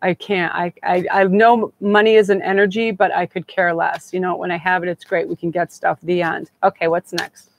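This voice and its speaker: A woman's voice: fairly low pitch, level tone, moderate pace, gravelly. A middle-aged woman hosting a live tarot reading, talking in a chatty, gushing, meandering way. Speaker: tarot reader and host.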